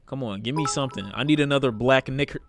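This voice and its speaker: A man's voice: mid-range voice, quick pace, faint music behind. A man streaming live, reacting to videos with blunt, profane, rambling commentary in a casual way.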